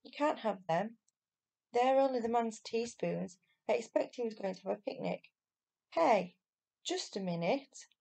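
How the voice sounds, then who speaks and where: A woman's voice: on the high side, lively intonation, a little slow, vocal fry, mellow, full character voice. A woman reading aloud and voicing a brave young boy who speaks urgently and pleads. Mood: eager.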